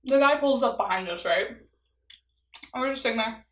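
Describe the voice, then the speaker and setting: A woman's voice: fairly high pitch, expressive, moderate pace, a bit bright, reverberant, low-quality recording. Chatty young woman, lots of "like". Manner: chatty, heavy use of "like", laughs often. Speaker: vlogger. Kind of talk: casual storytelling mukbang.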